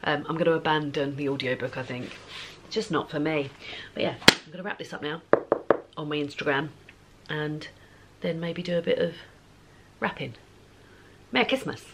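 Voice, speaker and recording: A woman's voice: deep voice, normal speed, pauses often, heavy background noise. A woman chatting casually at home in a book vlog. She rambles a little and says um often. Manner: chatty and rambling, with many ums. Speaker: book vlogger.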